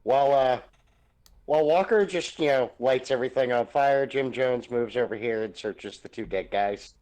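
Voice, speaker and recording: A man's voice: mid-range voice, normal speed, a little mellow, rough recording. A man playing a tabletop game in casual chat, joking playfully in character. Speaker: player.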